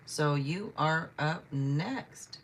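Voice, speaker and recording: A woman's voice: low voice, extremely slow, slight background noise. A woman hosting a tarot livestream, chatting casually, greeting viewers by name and apologizing often. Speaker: tarot reader and livestream host. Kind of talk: casual livestream chat reading viewer questions.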